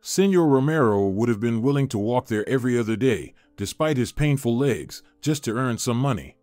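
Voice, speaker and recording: Lively, dry-voiced male narrator. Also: mid-range voice, moderate pace, few pauses, no echo. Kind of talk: scripted narration. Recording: dry studio voice-over with soft music. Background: faint music.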